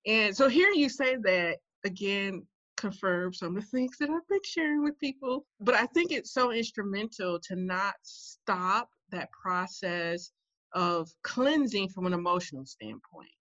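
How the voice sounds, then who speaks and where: A woman podcast host in casual conversation, expressive and affirming as she responds. Her voice comes through a slightly dull, lo-fi recording that is dry and close. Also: mid-range voice, a little slow, no echo.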